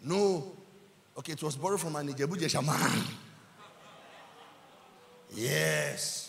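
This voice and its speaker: Nigerian pastor preaching, high lively voice. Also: male voice, unhurried, gravelly, pauses often, in a large hall. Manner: preaching with rising shouted emphasis and repetition. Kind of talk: sermon. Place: church.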